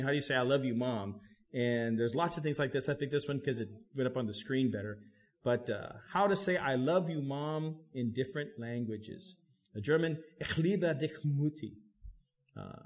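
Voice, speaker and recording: Pastor, male, middle-pitched voice, conversational sermon delivery, pushes pitch up for emphasis.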